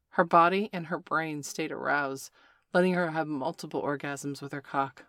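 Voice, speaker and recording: A mid-pitched narrator reads a chapter at a steady, measured pace. The sound is dry and close, with no room echo. The delivery stays even and unhurried throughout. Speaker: audiobook narrator. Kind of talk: scripted narration of an adult story.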